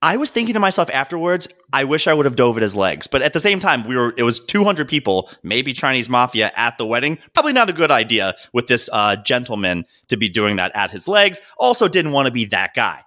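Animated, bright-voiced male storyteller. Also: medium pitch, brisk, hardly any pauses. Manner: animated storyteller, swears freely, laughs often. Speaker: podcast co-host. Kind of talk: casual chat.

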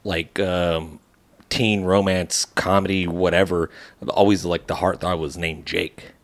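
A man with a deep, low-pitched voice co-hosting a casual podcast. He talks chattily, full of fillers, and shares bits of trivia with a chuckle. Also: flat delivery, unhurried. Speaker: podcast co-host. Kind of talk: casual banter.

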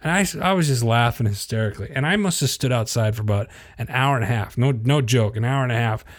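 A man's voice: medium pitch, fast. A middle-aged man co-hosting a podcast, telling a story in casual chat and laughing as he talks. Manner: rambling, laughs through stories. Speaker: podcast co-host.

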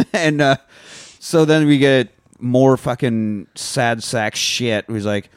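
A man's voice: medium pitch, fairly even intonation, takes it slowly, clear, resonant tone, no echo, studio quality. A man co-hosting a casual podcast chat, retelling a film with profane, joking asides. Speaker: podcast co-host. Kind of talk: casual movie recap chat.

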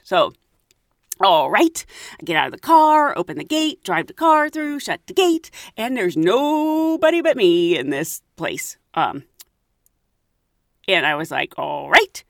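A woman's voice: mid-range voice, fairly bright tone, no echo, clean studio sound. A woman casually telling a travel story, acting out the voices of the people in it and laughing often.

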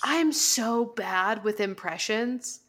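A woman co-hosting a podcast in casual chat, talking fast and loose with lots of "like" and frequent laughter. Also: on the high side, a bit bright. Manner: chatty, laughs often, says "like" a lot. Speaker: podcast co-host.

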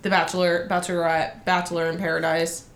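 A woman's voice: lowish voice, level tone, fairly quick. A woman co-hosting a casual chat, telling a gossipy story with lots of swearing and acted-out quotes. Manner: profane, gossipy, acts out quotes. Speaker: podcast co-host. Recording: echoey room.

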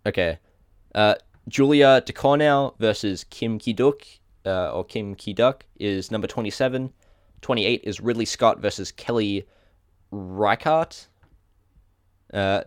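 Low, smooth Australian man. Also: unhurried, dry recording, clean studio sound. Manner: trips over foreign names, chuckling self-corrections. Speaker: podcast co-host. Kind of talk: casual podcast chat, reading out a list.

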